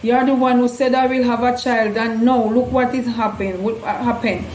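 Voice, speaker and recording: A woman's voice: fairly high pitch, steady tone, moderate pace, a little mellow, a little hiss or hum, natural voice. A woman voicing a distraught grieving mother. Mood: anguished. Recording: echoey room.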